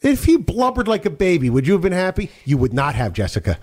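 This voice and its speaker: A man's voice: fairly high pitch, huge pitch swings, fast talker, darkish tone, husky. A man co-hosting a podcast in casual chat, brash, joking and emphatic. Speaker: podcast co-host.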